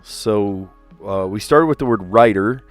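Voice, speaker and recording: A man in his thirties, a teacher, chatting casually on his puzzle livestream, relaxed and chatty with lots of fillers and easy laughs. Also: on the low side, measured pace, no room sound, faint music behind.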